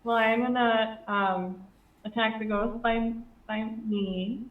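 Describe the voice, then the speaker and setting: A woman's voice: on the high side, steady tone, slow, echoey room, recorded from a distance, narrow, tinny audio. A woman playing a tabletop game, hesitantly working out how her attack works. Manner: unsure, hesitant. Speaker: player. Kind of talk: casual tabletop play.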